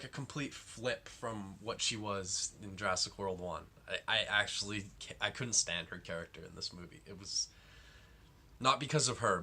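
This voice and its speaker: Young guy reviewing a movie, low voice but bright and punchy, keeps saying like. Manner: rambling, lots of "like" fillers, exasperated. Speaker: film reviewer. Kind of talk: casual film review.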